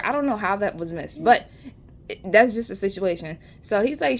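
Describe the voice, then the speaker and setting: A woman's voice: mid-range voice, lively intonation, normal speed. Chatty New York woman vlogging. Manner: rambling, conversational, slangy and joking. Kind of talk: casual storytelling chat.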